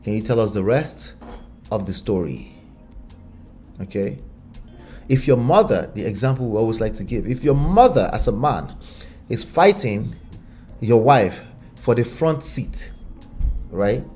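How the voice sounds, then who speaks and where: A man's voice: medium pitch, lively intonation, unhurried, pauses often, dark tone, faint music behind. A man with a Nigerian accent giving casual relationship commentary, firing off rhetorical questions.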